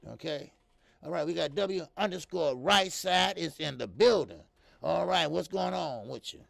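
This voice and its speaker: A man's voice: fairly high pitch, lively intonation, a little slow, gravelly, fairly bright tone, no room sound, clean studio sound. A middle-aged American man hosting a casual live boxing talk stream, loose and profane, laughing and talking straight to viewers. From American Midwest. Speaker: boxing talk show host. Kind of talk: casual live-stream chat reading comments.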